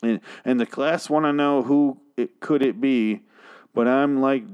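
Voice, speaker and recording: A man's voice: medium pitch, fairly even intonation, a little slow, darkish tone, smooth, dull audio. A drunk man hosting a comedy show, ranting angrily and profanely with exasperated outbursts. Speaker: show host. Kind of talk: comedic rant reviewing song lyrics.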